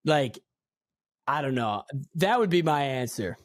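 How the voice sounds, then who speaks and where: A man's voice: mid-range voice, very animated, unhurried, no room sound, studio quality. A young man hosting a casual podcast, talking bluntly and swearing freely. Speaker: podcast host. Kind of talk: casual chat.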